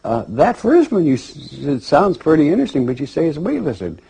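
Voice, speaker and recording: A man's voice: huge pitch swings, moderate pace, creaky, mellow, husky, full character voice. A man voicing an eager, naive soul about to be born, in a pleading, raised voice. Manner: eager, pleading, high-pitched.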